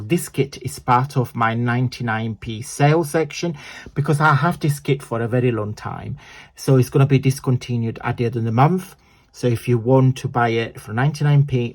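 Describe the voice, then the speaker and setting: A man's voice: medium pitch, darkish tone. A man hosting a casual crafting tutorial, chatty and self-deprecating as he talks while he works. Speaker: crafting channel host.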